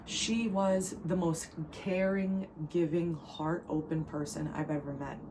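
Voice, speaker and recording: A woman's voice: low-pitched, background noise. A young woman from New Jersey giving an earnest, emotional spiritual channeling reading as a tarot reader. She rambles, restarts and circles back on her words.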